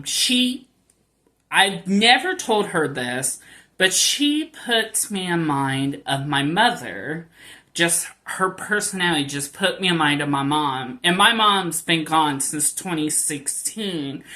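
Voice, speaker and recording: A woman records an affectionate shoutout for a friend, talking slowly with plenty of fillers. Her voice is very low yet bright and forward. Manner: slow, affectionate, rambling. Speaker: guest youtuber. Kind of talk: recorded video message.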